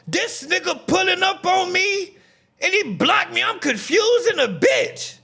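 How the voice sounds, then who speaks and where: A man hosting a live stream, telling a story in an animated, profane way and often shouting. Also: extremely high pitch, a little slow, creaky. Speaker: streamer host. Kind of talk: casual live-stream commentary.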